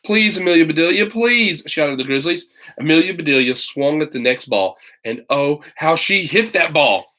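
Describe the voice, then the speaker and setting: Lively bright-voiced man reading a storybook. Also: a little high, moderate pace. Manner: animated reader, breaks in with chatty comments. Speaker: teacher reading a children's book aloud. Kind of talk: storybook read-aloud with asides.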